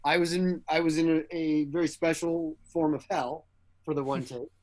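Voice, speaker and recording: A man as a guest actor in an interview, telling casual stories with animated energy, acting out the quoted dialogue and laughing often. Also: fairly high pitch, normal speed, a crowd in the background.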